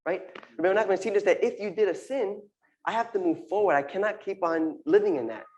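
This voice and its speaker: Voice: mid-range voice, a little fast, darkish tone, highs cut off. A speaker giving an earnest, informal sermon talk to a congregation, repeating phrases and using Hebrew terms. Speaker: congregation member giving a drash.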